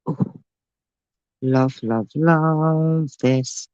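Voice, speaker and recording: A woman's voice: low voice, drawn-out words, a little mellow, clear, resonant tone, no room sound, highs cut off. Chatty woman crafting at home. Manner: chatty, thinks aloud, talks to her pet. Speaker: craft channel host. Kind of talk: casual crafting livestream chat.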